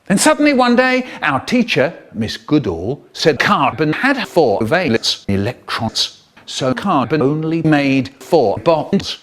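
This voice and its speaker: A man telling comic stories in a theatrical, animated way, cut up and re-edited. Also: on the high side, takes it slowly. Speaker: children's storyteller. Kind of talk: chopped-up comic storytelling.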